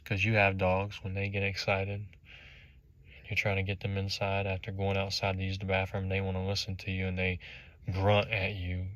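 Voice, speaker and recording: With a low-pitched voice and no echo around him, a motivational speaker narrates a second-person story. He's animated, dramatizing the scenes vividly as he goes.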